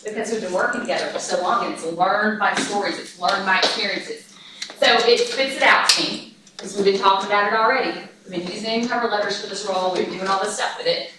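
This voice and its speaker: A woman's voice: medium pitch, distant mic. Texan woman presenting in an echoey room. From Texas. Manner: chatty, acts out dialogue with quick quoted voices. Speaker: conference speaker. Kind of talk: presentation with audience Q&A. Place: conference room. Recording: echoey room recorded from afar, noisy.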